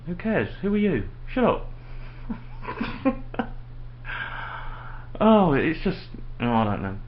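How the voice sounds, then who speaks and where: Slow, grumbling man, lo-fi video. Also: a little high, sing-song. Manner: grumbling, sarcastic ranting. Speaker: vlogger. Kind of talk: casual monologue to camera. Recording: dull lo-fi home video with faint noise.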